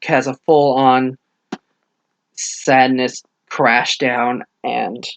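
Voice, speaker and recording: A young man rambling through a casual book review, retelling the plot with lively acted-out quotes. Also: mid-range voice, drawn-out words, creaky, no echo.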